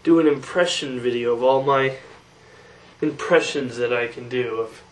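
A man's voice: medium pitch, normal speed, recorded from a distance. A young man from Canada casually introducing his impressions video, rambling and hesitant with many fillers. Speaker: YouTuber.

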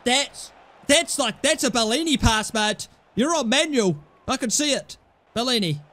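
A young man commentating his own football video game play, swinging from low mumbled asides to loud, shouted goal calls. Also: lively intonation, measured pace. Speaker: gaming YouTuber. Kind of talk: excitable gameplay commentary.

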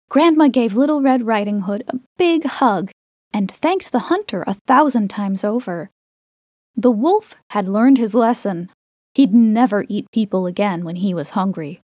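A woman narrating a children's fairy tale in a gentle, expressive storybook manner. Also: mid-range voice, breathy edge, no echo, studio quality. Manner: slow, gentle, expressive reading.

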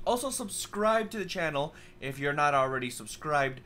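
A man's voice: a little high, expressive, normal speed, sharp tone, slight background noise. A man hosting a let's play, chatting casually with hesitant ums while answering game characters. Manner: hesitant, lots of ums, chuckling, talking back to game characters. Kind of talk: casual gameplay commentary.

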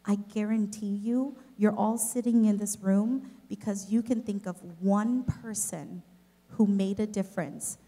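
A woman giving a children's message at a church service, telling a personal story in an expressive, gentle way to the kids and then to the families. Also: medium pitch, unhurried. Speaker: children's director. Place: church service, in front of a congregation.

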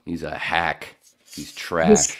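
A man with a very low, deep voice tells a story in loose, rambling podcast chat. He swears freely and restarts his sentences often, then jumps up in pitch when he mimics other people. He works as a radio voiceover artist. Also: flat delivery, takes it slowly, gravelly, crowd noise. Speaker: podcast host telling a story. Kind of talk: casual profane storytelling.

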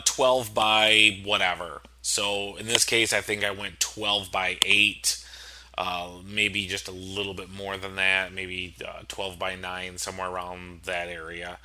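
A man's voice: deep voice, sharp tone, a little hiss or hum. A young man talks through a home baking recipe in a loose, unscripted way. He rambles, corrects himself, and drops irreverent jokes between the steps. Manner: laid-back and rambling, with many fillers and self-corrections; jokey and irreverent asides. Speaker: home cooking instructor. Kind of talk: casual cooking tutorial voice-over.

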